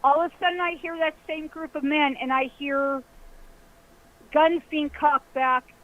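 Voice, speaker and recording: Slow, high-voiced woman telling a ghost story. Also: fairly even intonation, phone-quality sound. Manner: vivid storyteller, acts out voices and sounds. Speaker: caller.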